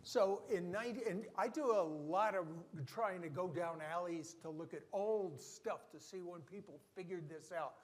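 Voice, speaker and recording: A man's voice: sits high, moderate pace, few pauses. An older man with a New Jersey accent giving a joking, rambling conference presentation to a live audience. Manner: joking, self-deprecating, rambling asides. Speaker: conference speaker.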